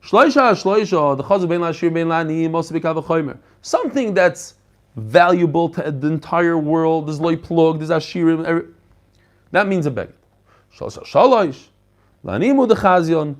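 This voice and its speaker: A middle-aged man gives a spirited daily Talmud class. His voice sits high for a man, and he keeps the lesson conversational, addressing his listeners and switching freely into Hebrew and Yiddish words. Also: normal speed. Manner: animated, mixes English with Hebrew and Yiddish terms, talks to listeners directly. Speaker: rabbi teaching a daily Talmud page. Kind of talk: lively Talmud class lecture.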